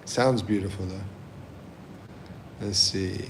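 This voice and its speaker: A man hosting a livestream, reading chat comments aloud and chuckling often in a relaxed way. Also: fairly low pitch, takes it slowly, pauses often, a little hiss or hum. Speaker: livestream host.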